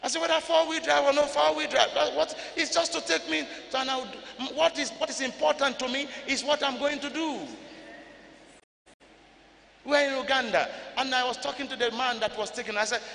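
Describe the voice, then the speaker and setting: Emphatic high-pitched older preacher, gravelly. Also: male voice, fairly even intonation, a little fast, fairly bright tone. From Ghana. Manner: emphatic repetition, preacherly rises and drops. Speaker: pastor. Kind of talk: sermon. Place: church hall. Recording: church hall reverb, light noise.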